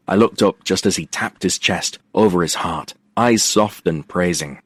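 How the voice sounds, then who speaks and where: A man narrating a romance audiobook in the first person, wry and expressive, on a close studio mic. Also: sits low, normal speed, few pauses, breathy edge, dry recording.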